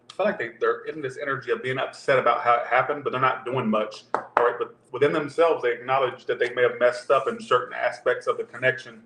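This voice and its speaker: A man's voice: medium pitch, fairly even intonation, fast talker. Man giving a rambling tarot reading. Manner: loose, rambling, talks straight to viewers. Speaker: tarot reader. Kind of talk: casual tarot reading for viewers. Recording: roomy echo with faint background hum.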